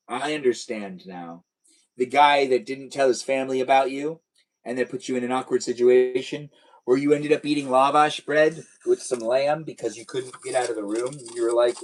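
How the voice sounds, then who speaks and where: A man's voice: mid-range voice, fairly even intonation, normal speed, darkish tone, low-quality recording. A young man hosting a casual live stream, chatting playfully and answering viewers' comments.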